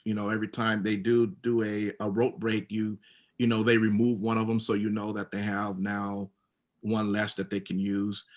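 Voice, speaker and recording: A man co-hosting a casual wrestling podcast, reading rules aloud and then rambling with many fillers and restarts. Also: on the low side. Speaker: podcast co-host recapping wrestling.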